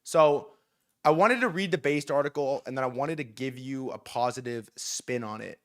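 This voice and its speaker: A young man hosting a livestream, ranting excitedly and profanely, jumping from loud bursts to quieter mumbled asides. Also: mid-range voice, normal speed. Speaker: livestream host. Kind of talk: hyped livestream market rant.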